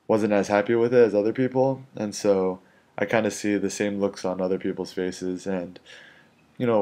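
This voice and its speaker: A man's voice: lowish voice, darkish tone. A man who is a street photographer, telling a casual story in a rambling way, full of "you know". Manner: rambling, filler-heavy with frequent "you know".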